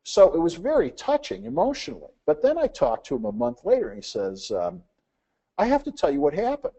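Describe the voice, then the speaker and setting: Animated storytelling man, husky and dull-sounding. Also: fairly high pitch, a little fast. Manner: acts out dialogue in anecdotes, frequent "uh" fillers. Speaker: business presenter. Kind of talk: storytelling business presentation.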